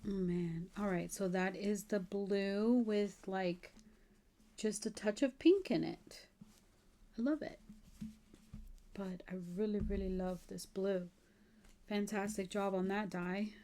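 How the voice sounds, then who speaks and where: A woman talks slowly through her craft haul. Her voice is mellow and unhurried, and she keeps gushing over each piece with drawn-out admiration. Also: medium pitch, fairly even intonation. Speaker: crafting vlogger. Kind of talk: casual show-and-tell haul.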